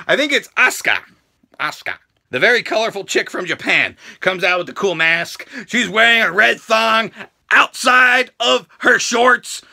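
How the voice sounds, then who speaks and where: Man, profane ranting reviewer, very high voice, bright sharp tone, shouty outbursts. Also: gravelly. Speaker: wrestling show reviewer. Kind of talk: casual reaction review.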